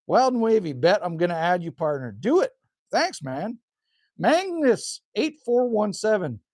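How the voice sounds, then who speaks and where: Middle-aged Canadian man, folksy livestream host, slightly hoarse, lively pitch. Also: a little slow, no echo, clean studio sound. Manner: folksy, chatty, drops "hey?" and "man". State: a little hoarse. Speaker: livestream host reading chat. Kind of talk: casual live chat. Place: rural cabin indoors.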